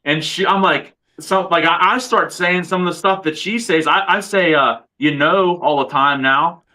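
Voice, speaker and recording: A man's voice: fairly high pitch, normal speed, sharp tone, low-quality recording. A man with a Pittsburgh accent, a monster truck driver chatting as a guest, easygoing and laughing along. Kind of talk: casual chat.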